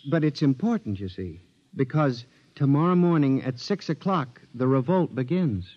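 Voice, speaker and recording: A man's voice: medium pitch, animated, normal speed, natural voice. An actor playing a paranoid man accused of murder, narrating and pleading in an old-time radio drama. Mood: feverish. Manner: agitated, pleading, rising to screams. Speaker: narrator and lead character. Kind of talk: 1950s radio drama acting. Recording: dull old radio recording.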